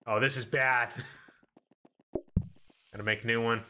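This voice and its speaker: A man's voice: medium pitch, steady tone, a little slow, noisy background. A man streaming a cooking game solo, giving playful running commentary to his chat and talking himself through the chaos. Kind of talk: live gameplay commentary to chat.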